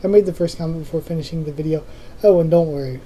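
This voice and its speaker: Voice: medium pitch, quick pace, mellow, low-quality recording. A young adult YouTube host chatting casually through viewer comments, rambling with many ums and self-corrections. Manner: rambling, full of ums and restarts.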